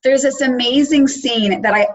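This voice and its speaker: A woman hosts a relaxed podcast interview and explains ideas through quick, vivid storytelling. Her voice sits a little high. The audio comes through dull and muffled. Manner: lively, explains research in quick storytelling bursts. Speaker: podcast host. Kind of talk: casual interview chat.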